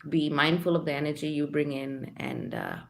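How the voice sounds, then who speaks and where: A woman's voice: sits low, wildly swooping pitch, moderate pace, gravelly. A woman hosting a spiritual livestream, chatting casually and reading out viewer comments with lots of fillers. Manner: chatty, reads comments aloud with many fillers.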